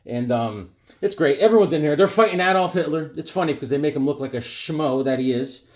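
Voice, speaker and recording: A man's voice: a little high, a little fast. A man, chatting casually about comics and rambling through stories while acting out the people he quotes. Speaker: comic collector vlogger. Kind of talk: casual chat showing comics.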